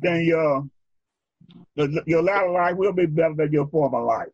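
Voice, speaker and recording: A male preacher giving a sermon in a rhythmic, drawn-out style, calling for responses from his congregation. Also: a little high, slightly rough, no echo. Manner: rhythmic, drawn-out phrasing, leads the congregation in repeating lines. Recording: dull lo-fi recording.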